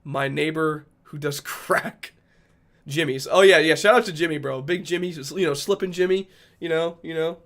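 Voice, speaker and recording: A man from Rhode Island streaming and chatting casually with his viewers. He rambles, jokes and swears freely, in a somewhat high voice. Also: moderate pace, fairly bright tone. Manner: rambling, joking, profane. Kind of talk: casual livestream chat with viewers.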